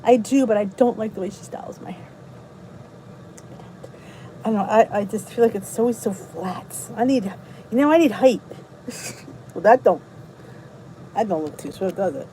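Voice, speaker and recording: A woman's voice: medium pitch, expressive, normal speed, pauses often, dark tone, slight background noise, low-quality recording. A middle-aged American woman hosting a casual livestream from home, chatty and bubbly, greeting viewers and reading their comments. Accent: US English. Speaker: YouTube livestream host. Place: indoors at home. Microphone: phone or camera on a stand.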